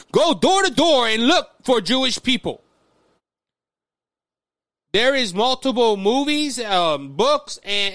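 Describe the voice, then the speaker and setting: Bright high-voiced man ranting. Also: dry recording. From Louisiana. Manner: repetitive restarts, talks straight to listeners as folks. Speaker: podcast host. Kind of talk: political commentary monologue.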